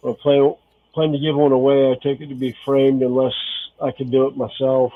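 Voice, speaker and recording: A man's voice: medium pitch, flat delivery, brisk. Laid-back man on a dull mic. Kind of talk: casual chat.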